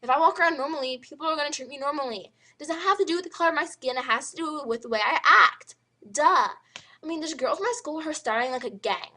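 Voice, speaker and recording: Teenage girl, high voice, bright tone, ranting vlog, emphatic, lots of fillers. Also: fast. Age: teens. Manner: animated, emphatic, full of "like" fillers. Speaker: high school student vlogger.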